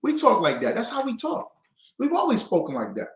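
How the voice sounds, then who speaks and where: Guy teaching bible class, lively up and down voice, fires questions at the class, echoey room. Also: very high-pitched, fairly quick. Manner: quizzes the class and drives answers with emphatic questions. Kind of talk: call-and-response Bible class.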